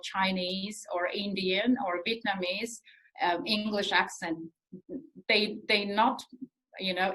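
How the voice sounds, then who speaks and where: A woman researcher answering interview questions in an earnest, explanatory way, pausing often with fillers as she thinks. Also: medium pitch, a bit bright, rough recording. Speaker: researcher guest.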